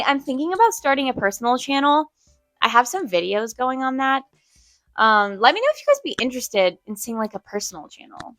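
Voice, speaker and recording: A woman's voice: a little high, sharp tone, no echo. A young woman from Arizona chatting casually to viewers in a pet vlog, rambling with fillers and often a little out of breath. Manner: chatty, rambling, with many fillers and self-corrections. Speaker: pet vlogger.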